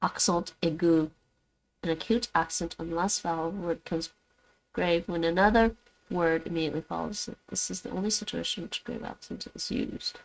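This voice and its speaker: A woman with a somewhat low voice practices words on a live stream. She repeats each word after the app and thinks aloud about accents and stress as she goes. Her talk is relaxed and unscripted. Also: fairly quick, poor audio. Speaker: streamer learning languages.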